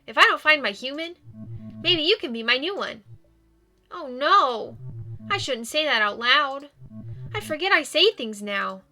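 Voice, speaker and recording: Woman doing a high, eager ghost dog. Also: a little slow, pauses often, soft background music, exaggerated voice. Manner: bouncy, excitable and earnest. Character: cheerful male ghost dog, eager and sweet. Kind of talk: reading game dialogue aloud.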